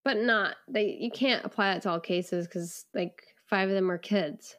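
A woman co-hosting a true-crime chat, reacting with quick short comments. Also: medium pitch, fairly bright tone. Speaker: podcast co-host. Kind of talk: casual chat.

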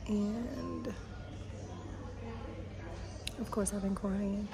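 A woman's voice: medium pitch, steady tone, extremely slow, music in the background, low-quality recording. A woman vlogging in a candid, heartfelt way from home. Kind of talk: casual vlog chat. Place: indoors at home.

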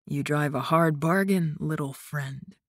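A woman doing a low, murmuring young warrior. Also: measured pace, dry recording, clean studio sound. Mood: tender. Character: young man, teasing warrior.

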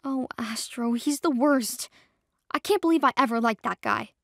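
A woman's voice: a little high, normal speed, fairly bright tone, no room sound, studio quality. A woman voicing a sympathetic young male friend who consoles and speaks out. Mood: consoling.

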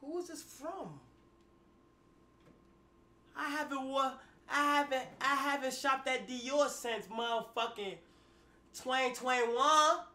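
A young man talking casually on a livestream, excitable and profane, with loud outbursts. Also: very high voice, takes it slowly, long pauses.

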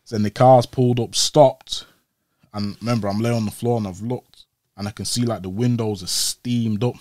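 A man's voice: fairly low pitch, moderate pace, no room sound, clean studio sound. Young man telling a story. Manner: animated, acts out quoted voices. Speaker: interview guest. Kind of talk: casual storytelling.

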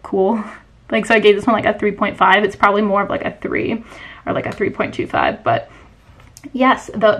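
A young woman chatting casually in a book vlog, excitable and full of fillers. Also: mid-range voice. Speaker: book vlogger.

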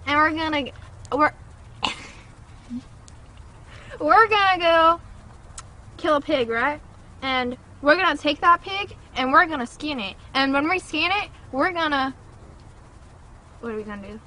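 A woman's voice: high voice, animated, unhurried, long pauses, pushed and bright, heavily acted. A woman putting on a mock country drawl, playing a hokey rural woman outdoors on a boat. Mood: playful. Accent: mock Southern US country drawl. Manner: giggly, exaggerated drawl.

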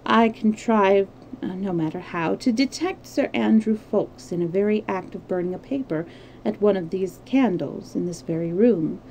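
A woman voicing a proud, frightened young noblewoman in a storybook reading, in an even, mechanical tone. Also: medium pitch, slight background noise, natural voice, poor audio.

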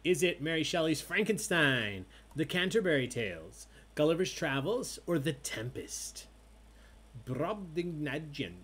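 A man hosting an online trivia night, announcing questions and scores in a loud, playful way. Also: on the high side, sing-song, moderate pace, slightly rough. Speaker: trivia host.

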